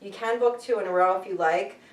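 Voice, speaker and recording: A woman guest, an animal communicator, telling stories in an animated, chatty way and laughing often. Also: medium pitch, fairly quick. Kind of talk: casual storytelling interview. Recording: echoey room, distant mic.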